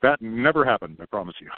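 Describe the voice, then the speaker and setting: Man, podcast guest, calm explaining, tinny phone-line sound. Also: on the low side, no echo. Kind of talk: casual podcast conversation.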